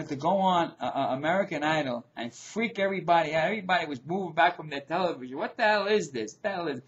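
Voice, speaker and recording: A middle-aged man hosting his own show, ranting in a loud, profane, repetitive way. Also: high-pitched, muffled recording. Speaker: show host. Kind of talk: ranting video commentary.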